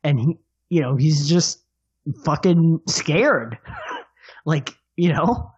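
A man's voice: fairly high pitch, slow, breathy edge, dull audio. A man on a podcast panel talking about a film in a rambling, casual way, full of "like" and restarts. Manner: rambling, filler-heavy, amused.

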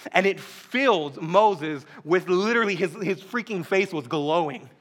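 A male pastor preaches in an easygoing, joking style, dropping slang into his teaching. His voice is high for a man, bright, forward and expressive, carrying through a church hall at a moderate pace with hardly any pauses.

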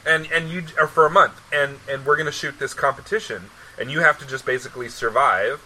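A man's voice: medium pitch, a little fast, pushed and bright, a little hiss or hum, rough recording. A man hosting a podcast, chatting casually and rambling, with many restarts and repeated words. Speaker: podcast host. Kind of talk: casual chat.

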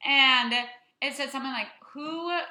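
A young adult woman co-hosting a podcast, chatting casually in an animated, playful way. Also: high-pitched, moderate pace. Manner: animated, chatty, playful echoing of her co-host. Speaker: podcast co-host. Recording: roomy echo.

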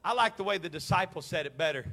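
High, bright-voiced impassioned male preacher. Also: animated, quick pace. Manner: impassioned, swells to shouting. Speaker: pastor. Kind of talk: sermon.

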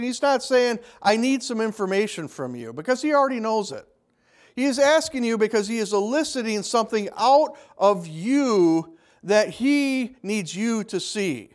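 A man's voice: very high-pitched, animated, normal speed. A man preaching a conversational sermon, briefly acting out the people he quotes. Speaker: pastor.

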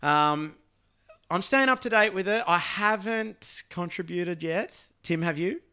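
A man's voice: high voice, a little slow, bright, forceful tone, clear, resonant tone. A man co-hosting a podcast, chatting casually with jokey, rambling banter. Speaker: podcast co-host. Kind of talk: casual chat.

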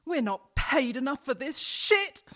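A man playing a panicky female secret agent who shouts frantically. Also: very high-pitched, very animated, unhurried, heavily acted. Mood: panicked.

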